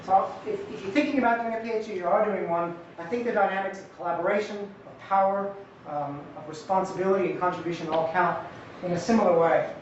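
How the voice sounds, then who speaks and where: A man's voice: high-pitched, fast talker, a little hiss or hum. Man lecturing in an echoey hall. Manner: conversational and lively, with jokey asides. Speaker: conference presenter. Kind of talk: academic conference talk. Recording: echoey hall, distant mic, dull sound.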